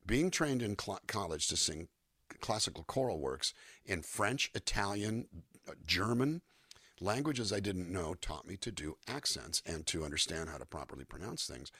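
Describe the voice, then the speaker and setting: Deep, lively older man on a mic. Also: moderate pace, slightly rough, no room sound, studio quality. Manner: animated, demonstrates voices and melodies mid-sentence. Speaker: singer-songwriter guest. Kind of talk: relaxed interview conversation. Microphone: USB microphone.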